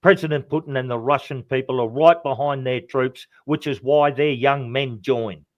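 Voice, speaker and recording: A man's voice: medium pitch, steady tone, normal speed, dry recording. Impassioned Australian man, dry sound. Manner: impassioned, repetitive, keeps saying "mate". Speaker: guest. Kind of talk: political commentary chat.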